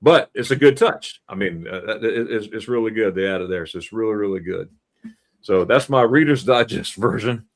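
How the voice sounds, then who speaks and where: A middle-aged man hosting a casual live stream, telling animated stories and quizzing his listeners as he goes. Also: on the low side, moderate pace. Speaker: host.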